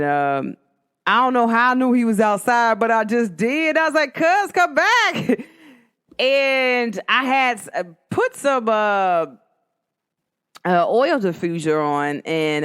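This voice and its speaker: Woman, casual vlog storyteller, rambling and animated. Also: clear, resonant tone. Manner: chatty, rambling, lots of "like" fillers; animated, swoops high when quoting others.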